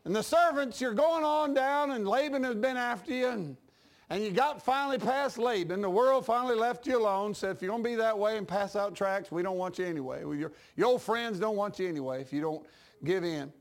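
A man's voice: high voice, fairly quick. A male pastor preaching a sermon, telling folksy stories and acting out the dialogue. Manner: folksy storytelling preacher, acts out dialogue, laughs at his own jokes.

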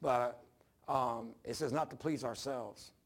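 Preacher, man, gravelly and husky, rambling self-mocking storyteller. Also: mid-range voice, takes it slowly. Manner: rambling, self-deprecating, restarts often. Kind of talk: informal storytelling sermon.

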